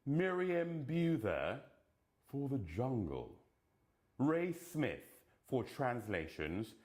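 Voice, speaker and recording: A man announcing award nominations, reading the names deliberately and dropping playful, camp jokes between them. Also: mid-range voice, very animated, a little mellow.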